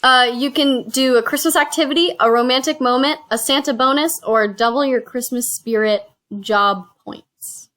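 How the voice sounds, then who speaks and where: A woman's voice: high voice, normal speed, a bit bright. A woman hosting a casual board game play-through, reading cards and counting spaces aloud with chatty asides. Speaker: host.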